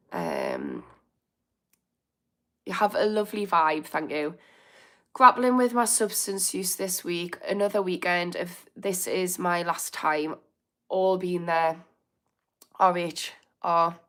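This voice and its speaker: A woman's voice: lowish voice, a bit bright. A woman in her thirties with a Birmingham accent, chatting casually on a livestream as she reads out comments, laughing often and reacting with amused indignation. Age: 30s. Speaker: recovery coach hosting a livestream.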